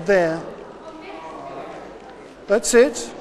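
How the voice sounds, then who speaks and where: Man, teacher, very high voice, slow and deliberate, brisk encouraging instructions, long reverb. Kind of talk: classroom instruction. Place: classroom with children.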